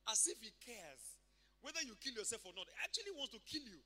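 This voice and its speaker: A Nigerian pastor delivers a lively sermon, laughing often and swinging from soft asides to loud shouts. His voice is unusually high and very bright. His pitch leaps around freely. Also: fast talker, long reverb tail. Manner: animated, laughing, dramatic swings from hushed to shouting.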